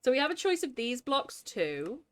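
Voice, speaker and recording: A woman hosting a live gameplay stream, her pitch rising and falling all over the place. She keeps up a friendly running chat, greeting and thanking viewers and coaxing things in the game. Soft music plays faintly behind her. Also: very animated, normal speed.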